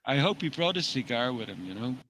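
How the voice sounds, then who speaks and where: Bright-voiced foul-mouthed man. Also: medium pitch, sing-song, fast talker, a little hiss or hum, rough recording. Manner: foul-mouthed, mocking, laughs at his own jokes. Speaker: co-host. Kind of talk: casual live-stream chat.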